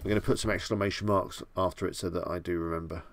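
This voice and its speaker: A man's voice: low voice, steady tone, fast. A young man with a Bedfordshire English accent, hosting a live stream and chatting easily with viewers as he answers their questions. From England. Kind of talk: casual live stream chat. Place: home room at night.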